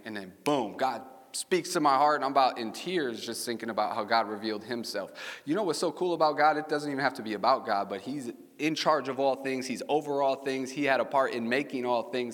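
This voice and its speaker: Speaking a little fast in a mid-range, slightly bright voice, a male pastor gives a conversational sermon to the congregation. Stories and questions for the audience fill his talk, and the large hall lends a long reverb.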